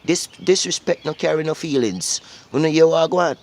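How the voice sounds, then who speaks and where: A man's voice: on the high side, moderate pace, creaky, a little mellow. A man with a Jamaican accent delivering a preachy, profane rant to his viewers, often repeating questions at them. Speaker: vlogger. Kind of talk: ranting monologue to viewers.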